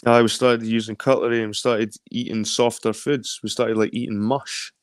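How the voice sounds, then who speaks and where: A man's voice: fairly low pitch, level tone, moderate pace, no room sound, clean studio sound. A man with a Scottish accent in a rambling, casual late-night chat, swearing freely. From London. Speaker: chat guest.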